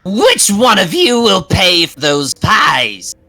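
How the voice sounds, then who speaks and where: A man's voice: sits high, huge pitch swings, very slow, vocal fry, bright, forceful tone, no echo, pitched above the performer's own voice, heavily acted. A man voicing a cunning old witch who sells pies, screeching and wheedling by turns. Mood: shrieking demand.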